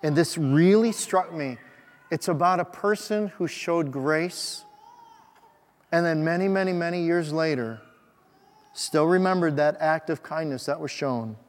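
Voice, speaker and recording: A man's voice: on the high side, measured pace. Preaching man in a reverberant church. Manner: emphatic preaching, swinging between loud and soft. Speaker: pastor. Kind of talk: Christmas sermon with a read-aloud story. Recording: long hall reverb.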